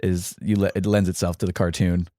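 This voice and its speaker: A man from New York hosting a podcast, animated and fast-talking, chatting casually and laughing often. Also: deep voice, dry recording, studio quality. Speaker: podcast host.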